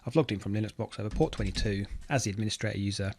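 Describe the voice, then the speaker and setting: Male tutor, low gravelly voice, easygoing screen-share walkthrough with faint hiss and keyboard clicks. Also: rapid-fire. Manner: relaxed, thinking aloud while typing. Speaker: automation engineer teaching a tech tutorial. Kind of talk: casual screen-recorded walkthrough.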